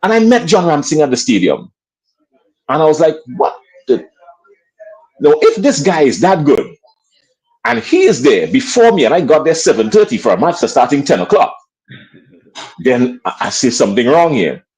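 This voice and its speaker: A man's voice: on the high side, normal speed, rough recording. A man in his fifties with a Grenadian accent, a sports commentator telling stories as a guest on a talk show. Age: 50s. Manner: lively storyteller acting out quoted voices. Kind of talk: animated storytelling in an interview.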